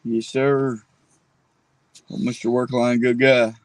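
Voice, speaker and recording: Brief: passenger man, quick joking asides. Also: medium pitch, little pitch movement, no echo. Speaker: passenger and co-host. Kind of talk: casual chat. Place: parked car at night.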